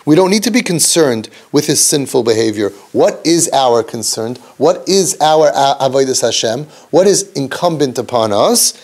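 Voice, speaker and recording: A man speaks to his community in a mid-pitched voice, earnest and preachy. He mixes Yiddish and Hebrew terms into his talk. His delivery sinks low and soft, then climbs sharply to drive a point home. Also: expressive, moderate pace, few pauses. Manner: dips low and soft, then rises for emphasis. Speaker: parenting counselor and speaker. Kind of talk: impassioned lecture.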